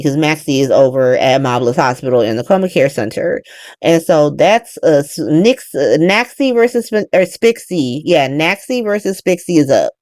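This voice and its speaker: A woman's voice: sits low, a little mellow, no echo, studio quality. A young woman recapping soap episodes in casual chat, ranting, swearing and talking straight at the characters. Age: young adult. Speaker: soap opera recap host.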